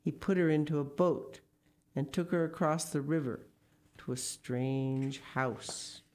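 Low-voiced woman reading a storybook aloud. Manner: expressive, slow read-aloud with asides. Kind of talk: reading a picture book aloud.

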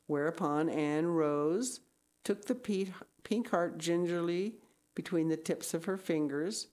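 A woman reading a novel aloud in a measured storytelling manner with expressive emphasis. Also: lowish voice. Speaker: reader.

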